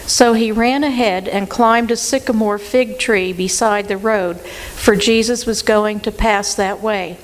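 A woman reading Bible passages aloud in a steady, even delivery during a Bible study. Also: medium pitch, measured pace, low-quality recording. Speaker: scripture reader.

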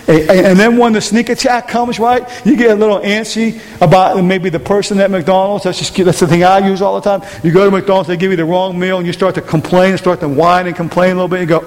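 High-voiced man preaching in echoing hall. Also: fairly even intonation, fast talker, few pauses. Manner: emphatic, repeats rhetorical questions to the congregation. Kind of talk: sermon. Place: large room with an audience. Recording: long hall reverb, faint hiss.

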